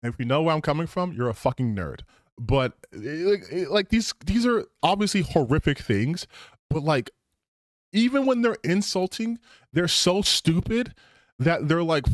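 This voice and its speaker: Sarcastic, animated man in his thirties. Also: on the high side, a little slow, no echo. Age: 30s. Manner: sarcastic, laughing, swearing freely. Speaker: gaming streamer host. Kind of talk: casual reaction commentary.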